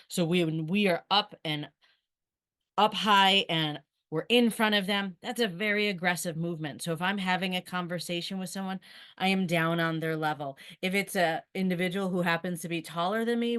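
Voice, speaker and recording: Low-voiced woman teacher explaining earnestly. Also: fairly bright tone. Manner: earnest and explanatory, practical advice. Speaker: special education teacher. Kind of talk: webinar presentation.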